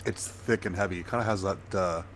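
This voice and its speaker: Male co-host, low gravelly voice, measured and thoughtful. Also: a little hiss or hum. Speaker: podcast co-host. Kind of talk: casual chat.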